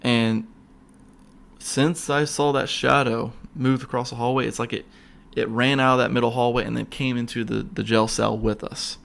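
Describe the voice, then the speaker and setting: A man and paranormal investigator casually retelling a ghost hunt, rambling and excitable, with lots of fillers and restarts. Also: mid-range voice, normal speed, vocal fry. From Florida.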